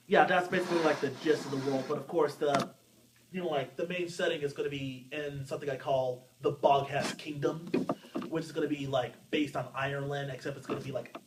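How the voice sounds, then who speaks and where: Young guy rambling on a podcast, kinda high voice, far off the mic w loud hiss behind. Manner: rambling, lots of "like" and "you know", swears freely. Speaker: podcast co-host. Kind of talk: casual chat. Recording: distant mic, loud background noise.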